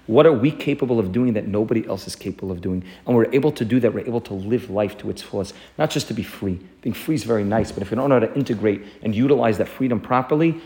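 A man teaching a Torah lesson, telling a story in an earnest, animated way and often repeating himself. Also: fairly low pitch.

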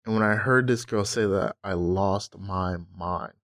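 A man co-hosting a casual podcast chat, animated, sarcastic and profane. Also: fairly low pitch, measured pace. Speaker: podcast co-host.

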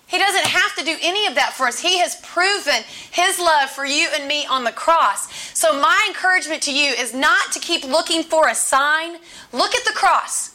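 A woman's voice: high voice, normal speed, hardly any pauses, sharp tone. A woman giving a conversational sermon as a Bible teacher, emphatic, repeating key phrases and adding chatty asides.

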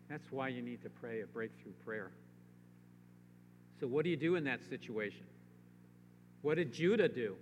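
A man preaching a sermon as pastor, emphatic, with his voice rising on pleading rhetorical questions. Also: medium pitch. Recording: long reverb, faint hum.

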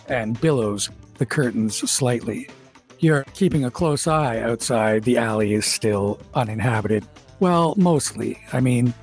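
A man with a voice a touch higher than most men's hosts a tabletop game as dungeon master. He tells each scene with vivid storytelling narration and talks straight to the players. Faint music sits under his voice.

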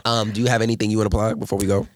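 Guy hosting a chill podcast, lowish voice, cussing a lot, super animated. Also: very fast, noisy background. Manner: profane, animated storytelling with loud exclamations. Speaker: podcast host. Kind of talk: casual podcast chat. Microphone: studio mic.

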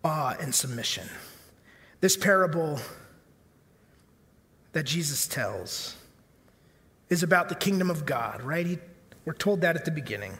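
High-voiced man preaching in a reverberant hall. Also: lively intonation, measured pace, pauses often, a bit bright. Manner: conversational preaching with filler words and rhetorical questions. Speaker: pastor. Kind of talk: sermon.

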